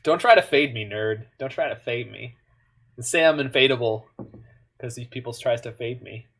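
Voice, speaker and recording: A man talking through his online card game in a loose, playful way. His pitch sits in an ordinary middle range, and he drops into quiet muttered asides between the louder jokes. The result is casual, chatty gameplay commentary. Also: normal speed, gravelly, breathy edge. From Canada.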